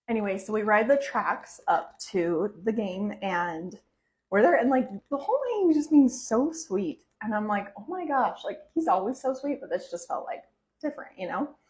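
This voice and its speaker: A woman's voice: medium pitch, normal speed, poor audio. Chatty young woman telling a story. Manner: chatty, heavy use of "like" fillers, animated swings when excited. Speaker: vlogger telling a personal story. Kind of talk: casual storytelling to camera.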